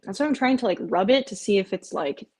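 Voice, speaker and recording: A woman with a slightly husky, mid-pitched voice hosting a casual live stream. She chats loosely and rambles. Now and then she cuts in to coo at her pets. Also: expressive, quick pace, a little mellow. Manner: chatty, rambling, often breaks off to coax her cats in a high cooing voice.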